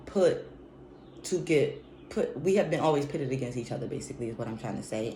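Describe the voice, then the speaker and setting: Low-voiced woman podcaster, blunt and foul-mouthed, unscripted rant in a roomy space with faint noise. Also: a little mellow. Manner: blunt, profane and brash. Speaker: podcast host. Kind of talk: unscripted venting monologue.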